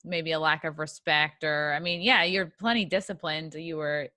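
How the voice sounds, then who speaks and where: Young woman podcast host, bright and forceful tone, probing but casual, dry sound. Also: sits low, fairly even intonation, moderate pace, no room sound. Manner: laughs often, asks probing questions. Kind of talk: casual interview chat. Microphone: video call.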